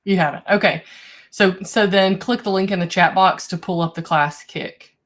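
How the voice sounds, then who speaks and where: A young woman teacher, talking her class through steps on a video call in a relaxed, chatty way. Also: on the low side. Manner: relaxed, chatty, with slow stretched prompts. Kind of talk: online class instructions. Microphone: computer mic on a video call.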